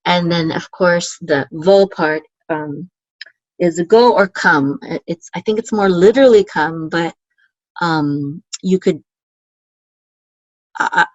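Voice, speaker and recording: A woman teaching a relaxed online language lesson, explaining patiently and often checking in with "okay?". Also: fairly low pitch, takes it slowly, long pauses, dry recording. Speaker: Biblical Hebrew teacher. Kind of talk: casual screen-share lesson. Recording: dull, dry lo-fi sound.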